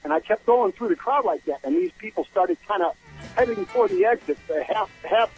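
A man calling in to a radio show, telling a long story in a rambling, halting way and acting out the people in it. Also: high voice, animated, a little mellow, soft background music. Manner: rambling, halting, acts out voices in his story. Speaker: caller. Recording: muffled phone line on radio.

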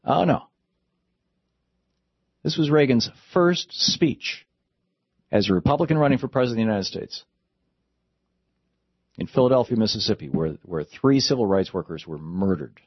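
Husky-voiced impassioned male commentator. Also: on the low side, animated, moderate pace, long pauses, no room sound. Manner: impassioned, sarcastic asides. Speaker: political commentator. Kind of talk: political commentary monologue. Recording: dull lo-fi dry recording.

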